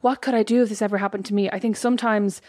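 This is a pregnant woman co-hosting a casual podcast chat. She teases and jokes in a wry, easygoing way. Her voice sits at a middle pitch and sounds dry and close to the mic. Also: steady tone, racing, a little mellow, no room sound. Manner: joking, wry, talks over her co-host. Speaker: podcast co-host.

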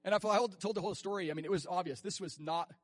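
A man preaching a sermon, animated and acting out quoted voices, often laughing. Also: sits high, very fast, no echo.

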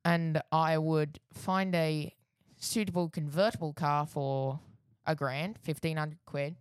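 A man's voice: a little high, fairly even intonation, slow, clear, resonant tone, dry recording, clean studio sound. An Australian man co-hosting a podcast in casual chat, rambling and correcting himself as he goes. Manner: rambling, self-correcting, laughs easily. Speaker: podcast co-host.

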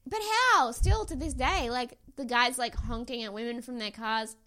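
A woman's voice: a little high, moderate pace, sharp tone, no echo. Swearing, chatty woman recapping a show. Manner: swearing, acts out quotes with playful voices. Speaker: podcast co-host. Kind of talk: casual recap chat.

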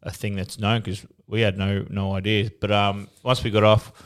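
A man's voice: on the low side, little pitch movement, normal speed, smooth. Laid-back Australian man bantering. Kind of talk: casual radio chat.

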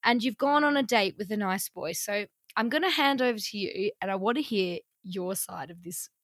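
A woman's voice: medium pitch, expressive, moderate pace, fairly bright tone, no echo, clean studio sound. A young woman hosting a podcast, chatting in a playful, joking way. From Australia. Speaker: podcast host. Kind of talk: casual podcast chat.

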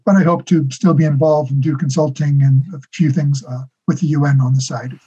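A man in his sixties, guesting on a casual interview, speaks briskly in a fairly high but dark, slightly rough voice with fairly even intonation. He comes across as friendly, thoughtful and self-deprecating, and the audio is dull lo-fi.

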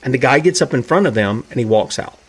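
A man's voice: mid-range voice, animated, quick pace. A man preaching a sermon who asks his listeners rhetorical questions and acts out the characters in the stories he tells.

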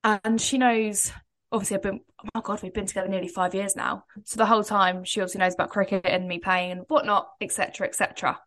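A woman's voice: medium pitch, level tone, fast talker, a bit bright. A woman, co-hosting a podcast in a rambling, chatty way and laughing often. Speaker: podcast co-host. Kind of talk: casual chat.

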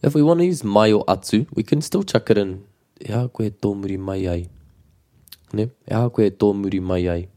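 A man with a New Zealand accent teaching a relaxed language lesson, patiently repeating example phrases slowly. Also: on the low side. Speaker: te reo Māori teacher.

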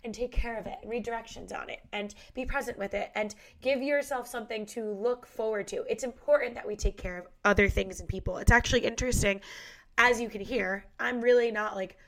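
Young woman host w a head cold, stuffy nose, gushy and chatty, kinda high voice. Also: steady tone, brisk. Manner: bubbly, gushing, heavy use of "like". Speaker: podcast host. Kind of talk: casual chat.

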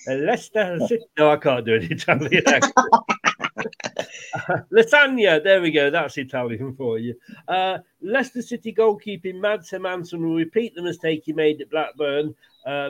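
A man hosting a casual football podcast, chatty and quick to laugh. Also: a little high. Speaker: podcast host.

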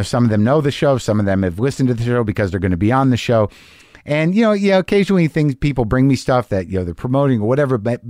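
A middle-aged man hosts a podcast in a loose, rambling monologue, swearing freely and circling back on himself. His voice sits at an ordinary male pitch. The sound is close and dry, with no room around it. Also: a little mellow, no echo. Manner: loose, profane, rambling with restarts. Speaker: podcast host. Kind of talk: casual monologue reading listener emails.

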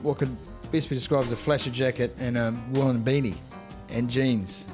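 A middle-aged man hosting a podcast, chatting in a teasing, animated way. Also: mid-range voice, moderate pace, over music. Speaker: podcast host. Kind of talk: casual chat.

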